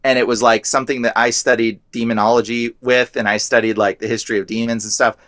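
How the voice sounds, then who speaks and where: A man's voice: medium pitch, level tone, quick pace, a bit bright, no echo. A young man telling his story as a guest in a casual chat, rambling and filling his talk with "like". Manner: rambling, heavy use of "like".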